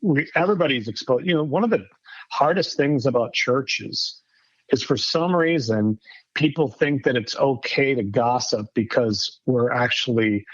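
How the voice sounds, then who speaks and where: A man's voice: mid-range voice, normal speed, no echo, muffled recording. A man, a pastor with counseling training, telling anecdotes on a church podcast in an easygoing way. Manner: easygoing, anecdotal, with many fillers. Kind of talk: casual church podcast chat.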